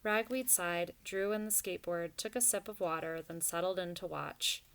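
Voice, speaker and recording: A woman narrating a storybook in a steady, even reading voice. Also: fairly low pitch, normal speed, smooth. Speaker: audiobook narrator.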